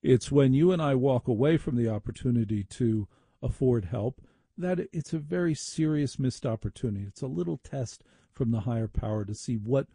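A man's voice: medium pitch, moderate pace, dark tone, husky, dry recording. A man hosting a talk radio show, delivering an opinionated, indignant and sardonic monologue into a studio microphone.

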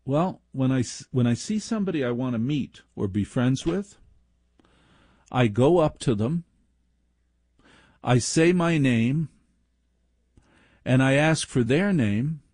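A man doing a calm, matter-of-fact young woman. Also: mid-range voice, slow pace, long pauses, dry recording, studio quality. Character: calm young woman explaining how she makes friends.

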